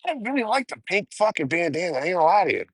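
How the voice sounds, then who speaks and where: A man's voice: high voice, big pitch swings, racing, a bit bright, slightly rough, dry recording. A young man hosting a casual livestream, swearing and laughing as he chats with viewers while traveling. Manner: profane, laughing, chatty. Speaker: livestream host. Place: outdoors while traveling by train.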